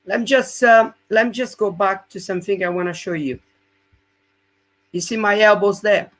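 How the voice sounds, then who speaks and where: A man's voice: high voice, normal speed, fairly bright tone. A man teaching core exercises in a live webinar as a fitness coach, explaining step by step in non-native English and often checking in with "yeah?".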